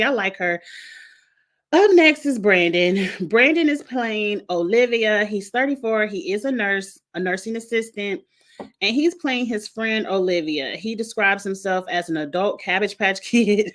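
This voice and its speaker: A woman's voice: medium pitch, moderate pace, fairly bright tone. Chatty woman giving frank opinions. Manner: chatty and frank, talks straight to the contestants. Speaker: reality show reviewer, host. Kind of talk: casual opinionated recap.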